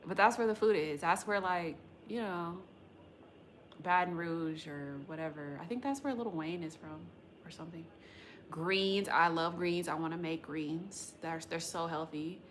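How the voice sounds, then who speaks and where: This woman's voice sits low and sounds a bit bright, with a faint hiss or hum behind it. She hosts a tarot livestream, chatting loosely with her audience in rambling slang and casual swearing, and she comes from the West Coast of the United States.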